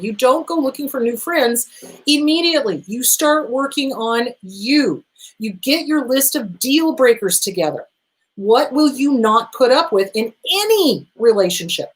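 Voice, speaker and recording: A middle-aged woman therapist hosts an advice show, answering viewer questions emphatically and animatedly while speaking straight to the listener. Her voice sits a little high, and the recording quality is low.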